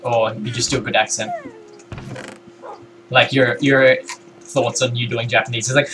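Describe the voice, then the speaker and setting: A young British man streaming a game, excitable and loud, swearing a lot and breaking into yelps. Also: mid-range voice, normal speed, pauses often, heavy background noise. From Britain. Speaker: gaming livestreamer. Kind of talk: casual gameplay chat.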